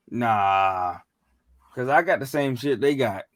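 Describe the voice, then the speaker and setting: A man's voice: mid-range voice, a little slow, dry recording, studio quality. A man co-hosting a podcast, talking in slangy, emphatic casual chat with some swearing. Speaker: podcast co-host.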